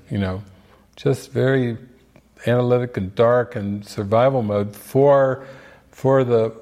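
Storytelling older man, mid-pitched voice. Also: darkish tone. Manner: storytelling, acts out quoted voices. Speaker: spiritual teacher giving movie commentary. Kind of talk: casual spiritual talk.

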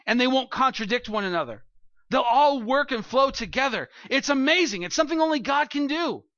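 A male pastor preaching a sermon at the front of a church, animated and conversational, slipping into quoted voices to make his points. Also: very high voice, brisk, no echo. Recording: dull lo-fi recording.

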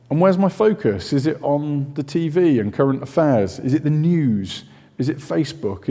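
A man preaching a sermon, his tone mellow and warm while his pitch rises and falls with lively expression. He talks in a chatty, self-questioning way with casual asides. His voice carries a long reverb from the church hall. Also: breathy edge.

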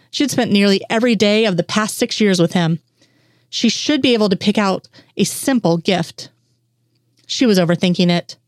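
A woman reading fan fiction aloud in a steady storytelling voice at a middle pitch. She is close to the mic. The sound is dry with no room in it. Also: dry recording. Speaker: reader.

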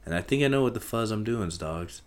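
A young man hosting a solo podcast, rambling and swearing casually, talking in circles and breaking into loud shouts. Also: on the low side, animated, fairly quick. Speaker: podcast host.

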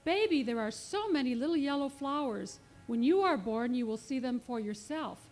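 A woman voicing a gentle, caring expectant mother in a children's storybook, softly coaxing. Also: high voice, lively intonation, normal speed, soft background music.

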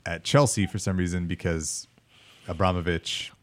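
A man's voice: low voice, fairly even intonation, moderate pace. A man co-hosting a casual sports podcast, opinionated and teasing in his banter. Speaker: podcast co-host.

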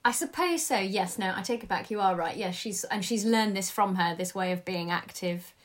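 A woman's voice: mid-range voice, normal speed. A woman in a casual film discussion, often searching for words and correcting herself. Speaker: film reviewer.

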